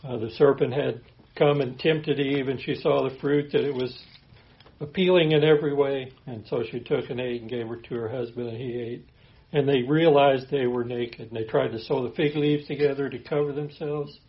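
A man's voice: medium pitch, fairly even intonation, normal speed. Earnest preaching man, lo-fi sound. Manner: earnest expository preaching, reading scripture aloud. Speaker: pastor. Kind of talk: sermon.

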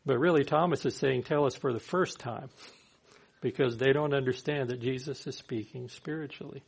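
Male preacher, mid-pitched, gravelly, conversational sermon delivery. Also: moderate pace. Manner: conversational, acts out quoted speakers.

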